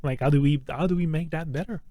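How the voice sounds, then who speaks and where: A man's voice: on the high side, fast talker, warm tone, dry recording. Hesitant middle-aged man co-host. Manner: hesitant, many fillers and restarts, laughs easily. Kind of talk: casual health chat.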